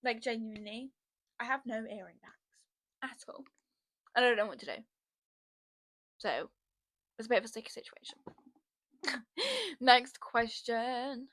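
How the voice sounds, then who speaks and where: Chatty, rambling young woman with a high voice. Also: expressive, measured pace, pauses often, a bit bright, no echo. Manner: rambling and chatty, blunt with swearing. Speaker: podcast host. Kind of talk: casual solo podcast chat. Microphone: podcast microphone.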